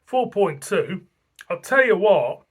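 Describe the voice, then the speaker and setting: A man's voice: sits high, very animated, takes it slowly, husky. A man from Britain gushing in a casual beer review vlog, repeating himself and laughing often. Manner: enthusiastic, repetitive, laughing often.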